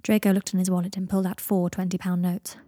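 Mellow husky woman reading a story. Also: fairly low pitch, flat delivery, fast talker, no room sound, studio quality. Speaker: podcast host and fanfic reader. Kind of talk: reading her own story aloud.

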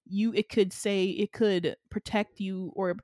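A woman co-hosting a casual chat, recapping a film in an animated, rambling way with lots of fillers. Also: mid-range voice, a little slow, no room sound, clean studio sound. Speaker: podcast co-host.

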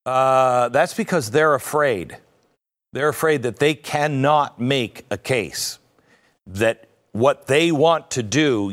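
A middle-aged man hosting an opinion talk show, speaking in a sardonic, conversational way with self-mocking asides. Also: mid-range voice. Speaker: host.

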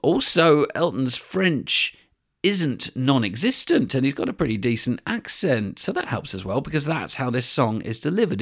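A man hosting a podcast, presenting scripted narration in a measured, even-handed way. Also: medium pitch, husky. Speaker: podcast host.

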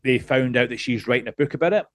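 A man's voice: medium pitch, fast talker, dry recording, clean studio sound. A man in his late thirties, from Scotland, talking as a podcast guest in a casual chat. He rambles, restarts a lot and swears freely. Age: late 30s.

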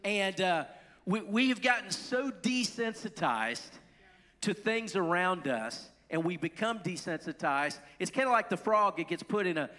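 Male pastor, slightly high voice, relaxed conversational sermon, hall reverb. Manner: conversational preaching, quick asides to the congregation.

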